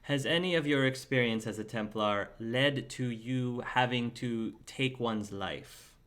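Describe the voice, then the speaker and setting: Mid-pitched male game master, casual narration. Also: a little slow, fairly bright tone, clean tone. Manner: casual, with frequent fillers. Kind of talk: narrating a tabletop audition game.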